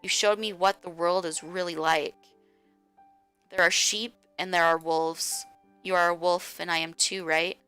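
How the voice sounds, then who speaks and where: A woman's voice: fairly low pitch, fairly even intonation, unhurried, pushed and bright, clean tone, faint music behind. A woman voicing an obsessive, tearful young woman who clings to the one she loves and pleads with him. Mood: adoring.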